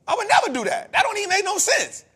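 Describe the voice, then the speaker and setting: A man's voice: very high-pitched, big pitch swings, fast talker, sharp tone. A man hosting a podcast, giving a preachy, emphatic motivational finance talk full of repetition and casual street slang. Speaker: podcast host.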